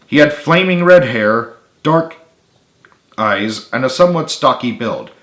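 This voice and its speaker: A man, the author, narrating his own book in a steady read-aloud. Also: medium pitch, unhurried, echoey room.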